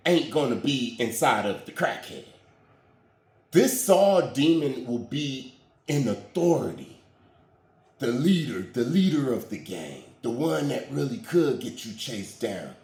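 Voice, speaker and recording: Man, casual spiritual commentator, slangy and animated, lively pitch, roomy echo.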